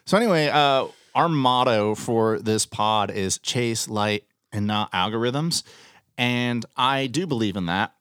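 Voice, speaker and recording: A man's voice: medium pitch, unhurried, a bit bright, smooth, no room sound, studio quality. A man hosting a casual podcast chat, talking bluntly and ranting with plenty of swearing. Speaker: podcast host.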